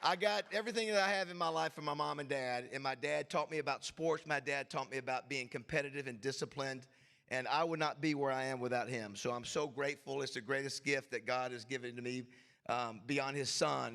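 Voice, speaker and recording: A man hosting a club luncheon, rousing the crowd with excited shout-outs and drifting into emotional asides. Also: mid-range voice, vocal fry. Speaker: host. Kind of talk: emceeing a luncheon. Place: banquet hall.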